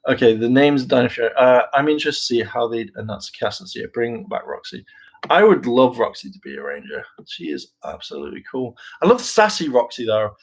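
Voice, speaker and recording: Man, casual vlog chat, mid-pitched voice, rambling, hesitant, filler-heavy, enthusiastic. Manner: rambling and hesitant, with many ums and restarts; enthusiastic, often laughing. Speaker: YouTuber discussing a TV franchise.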